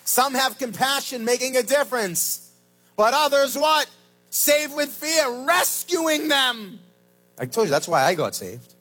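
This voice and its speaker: A man pastor preaching a sermon at a church service, swinging from shouted lines to low, slow emphasis. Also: very animated, soft background music.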